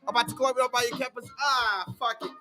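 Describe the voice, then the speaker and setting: A man hosting a live stream who freestyles emphatic rhymes and reacts excitably to clips. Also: extremely high pitch, fast, over music. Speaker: rapper and live-stream host.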